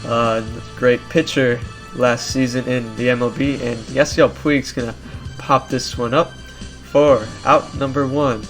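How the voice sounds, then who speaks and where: A young man giving casual play-by-play commentary over a video game baseball league, animated and climbing into shouts at big plays. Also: medium pitch, measured pace, faint music behind.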